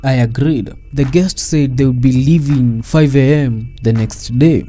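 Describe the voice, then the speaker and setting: A man's voice: medium pitch, a little slow, over music. A man reading a scripted commentary voice-over in a wry, dramatic storytelling manner. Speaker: narrator.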